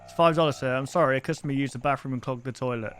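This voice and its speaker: A man voicing a polite male video-store shopkeeper in a game, reading the lines in a lowered, courteous voice. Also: racing, fairly bright tone, a little hiss or hum, close to an everyday voice. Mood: politely apologetic.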